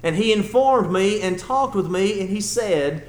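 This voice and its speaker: Folksy preacher, high voice. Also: male voice, expressive, a little slow, few pauses, reverberant. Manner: folksy, conversational preaching with rising emphatic passages. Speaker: church elder preaching. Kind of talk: sermon.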